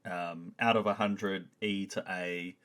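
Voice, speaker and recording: A man's voice: low voice, fairly even intonation, takes it slowly, fairly bright tone. A man, a teacher speaking as a podcast's education correspondent, wry and a little hesitant. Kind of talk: casual comedic chat.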